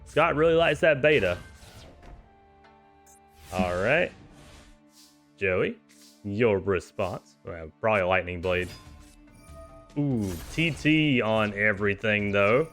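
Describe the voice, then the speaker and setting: Excitable man calling a card tournament. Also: fairly low pitch, slow pace, long pauses, faint music behind. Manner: excitable, chuckles often, cheers players on. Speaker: commentator of a simulated card game tournament. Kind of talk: casual play-by-play commentary.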